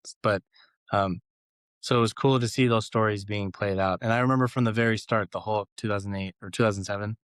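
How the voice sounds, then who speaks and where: A man's voice: fairly low pitch, fairly even intonation, a little fast, clean tone, dry recording, studio quality. A man co-hosting a casual podcast chat, telling stories animatedly and acting out quotes with laughs. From Los Angeles. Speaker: guest cohost.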